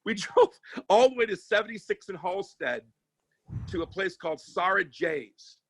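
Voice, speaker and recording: A man who works as a sports agent and comedian, telling stories in casual chat, animated and profane, with many restarts. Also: high voice, measured pace, slightly rough, no echo.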